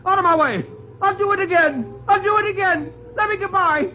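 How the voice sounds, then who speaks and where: A man's voice: a little high, sing-song, drawn-out words, slight background noise, pitched above the performer's own voice, heavily acted. A man voicing a panicky, guilt-ridden male dinner guest who stammers and breaks into shrieks. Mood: hysterical. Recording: tinny old radio broadcast.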